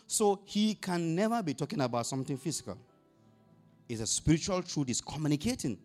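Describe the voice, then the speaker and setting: Animated preacher man. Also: a little high, brisk, soft background music. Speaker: pastor. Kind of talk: sermon.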